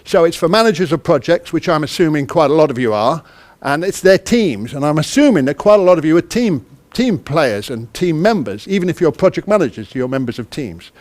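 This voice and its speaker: A man from the United Kingdom speaks to a conference hall, his voice sitting a little high for a man. He talks in a chatty, self-deprecating way and keeps throwing questions at the audience. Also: expressive, fairly quick, hardly any pauses, a little mellow. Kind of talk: interactive conference talk.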